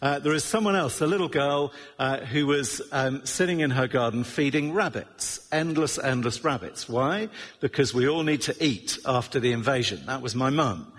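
A man's voice: medium pitch, moderate pace, a bit bright. A middle-aged man preaching a sermon in a conversational way, with wry asides. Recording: long reverb of a large hall.

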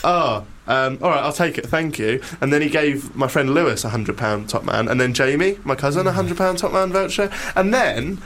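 A man's voice: a little high, expressive, moderate pace, hardly any pauses, a bit bright, a little hiss or hum. A young man, a radio co-host telling a long story in casual chat, laughing and self-deprecating as he rambles. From Norwich, England.

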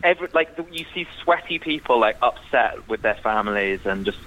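A man's voice: mid-range voice, lively intonation, a little fast, sharp tone, muffled recording. A man as a podcast guest, chatting casually, laughing and playfully ranting with the odd swear. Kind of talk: casual chat.

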